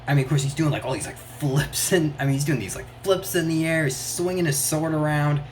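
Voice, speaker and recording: A reviewer giving a casual, excited recap of a TV episode, talking in loose bursts full of "like" and quick restarts. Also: medium pitch, slight background noise. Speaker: show reviewer.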